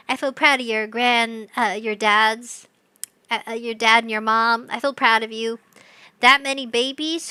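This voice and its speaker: A young woman chats on a live stream in a giggly, scatterbrained rush. Her voice sits high and sounds bright and sharp. She is recorded close and dry, with no room around her. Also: fairly even intonation, a little slow, clean tone, no room sound. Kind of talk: casual live-stream chat.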